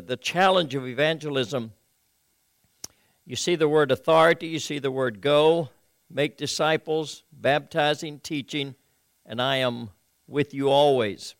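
A male pastor delivering a sermon, reading scripture aloud and explaining it in an earnest, measured way with occasional hesitant fillers. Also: on the high side, dry recording.

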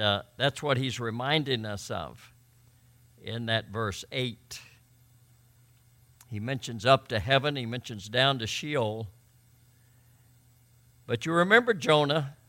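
A man preaching a sermon as pastor, building to emphatic, forceful peaks. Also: mid-range voice.

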